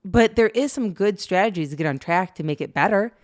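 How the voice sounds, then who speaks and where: A middle-aged woman co-hosts a parenting podcast, telling family stories fairly quickly in a medium-pitched voice with lively intonation. The talk is casual, and she laughs often and says "you know" a lot.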